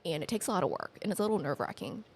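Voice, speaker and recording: A woman sits in as a guest on a podcast, telling her stories in a loose, chatty way. Her voice sits a little low, and she keeps jumping up in pitch to act out what people said. A faint hiss runs behind her. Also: very fast. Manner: animated, acts out quoted dialogue with lifted pitch; chatty, uses many fillers like "like". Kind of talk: casual conversational storytelling.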